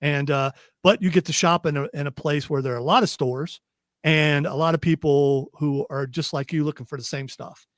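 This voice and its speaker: A man's voice: fairly high pitch, steady tone, normal speed, no room sound. A man hosting a radio talk show, rambling and chatty with lots of restarts, speaking into a studio microphone.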